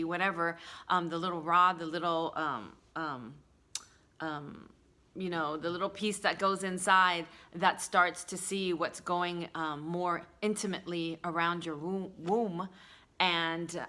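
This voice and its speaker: A middle-aged woman hosting a faith talk, sharing an emotional personal testimony with many pauses and restarts. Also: lowish voice, pushed and bright. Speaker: host.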